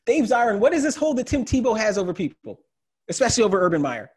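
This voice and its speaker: A middle-aged man hosting a sports panel, telling stories in an animated way and often laughing. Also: sits high, quick pace, husky. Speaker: host. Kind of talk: panel discussion.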